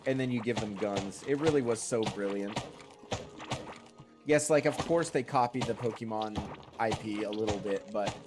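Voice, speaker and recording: A man's voice: lowish voice, moderate pace, background noise. A man streamer giving casual, rambling gameplay commentary and answering his chat, still congested from a lingering cold. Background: game music.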